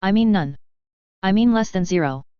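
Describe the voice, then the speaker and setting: A woman's voice: mid-range voice, animated, normal speed, warm tone, clean tone, no room sound, muffled recording, close to an everyday voice. A woman reading as a fierce, insistent young girl. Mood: urgent. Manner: intense, near-shrieking warnings.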